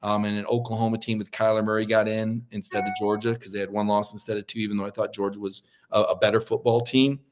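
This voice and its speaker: A man's voice: lowish voice, flat delivery, fast, hardly any pauses, noisy background. Opinionated man debating college football. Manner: opinionated, folksy, repeats words when building a point. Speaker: sports columnist and co-host. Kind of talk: casual sports debate.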